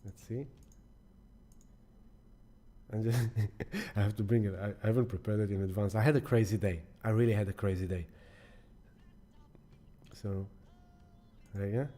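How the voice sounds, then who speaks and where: A man's voice: on the low side, moderate pace, long pauses, warm tone. A man hosting a live astrology stream, talking casually and affectionately, greeting viewers by name and rambling with restarts. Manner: rambling, with many restarts and repeated words.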